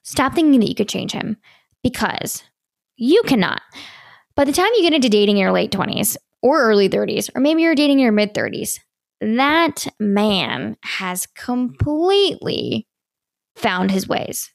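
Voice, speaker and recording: A young woman talks through dating advice in a casual, emphatic way, hammering points home by repeating them. Her voice sits a bit high with a gravelly fry, and the sound is dry and close. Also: sing-song, a little slow, no room sound.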